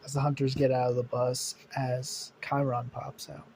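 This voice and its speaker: A man's voice: medium pitch, little pitch movement, moderate pace, creaky, a little mellow, a little hiss or hum. A young man narrating an improvised fan story, rambling with many fillers and casual swearing.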